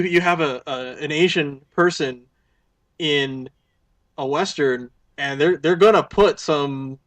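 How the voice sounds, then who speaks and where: A man's voice: fairly high pitch, fairly bright tone, no room sound. A man co-hosting a podcast, talking things through thoughtfully with careful hedges and restarts. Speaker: podcast co-host. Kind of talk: casual movie review chat.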